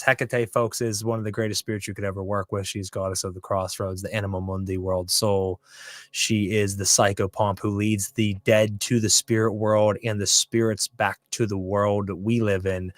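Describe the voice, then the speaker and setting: A man's voice: fairly low pitch, fairly bright tone, no echo, clean studio sound. A man hosting a podcast interview, talking casually and emphatically with rambling asides. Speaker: podcast host.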